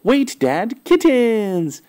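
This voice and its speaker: A man voicing an eager little male puppy in a children's storybook, speaking high and excited. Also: drawn-out words, heavily acted.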